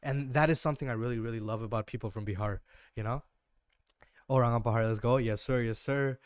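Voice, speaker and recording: A man's voice: medium pitch, fast, clean tone, no room sound. Laid-back Indian English guy, dry sound. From Northeast India. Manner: slangy, relaxed, keeps saying "bro". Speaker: livestream trading host. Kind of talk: casual livestream chat.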